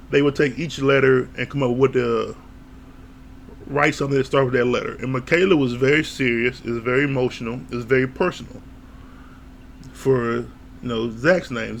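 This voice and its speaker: A man giving a casual, opinionated recap of a reality show, blunt and quick to laugh or swear. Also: medium pitch, vocal fry, slight background noise.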